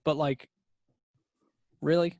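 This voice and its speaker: Slow-paced and on the high side, another young male co-host spins a story full of laughter during a relaxed podcast chat. He's an animated storyteller, and the recording is dry.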